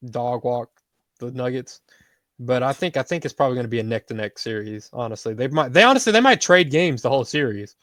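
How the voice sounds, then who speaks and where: A man's voice: medium pitch, a little mellow, dry recording. A man co-hosting a casual sports talk show, rambling through his basketball takes in a laid-back way. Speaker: podcast co-host.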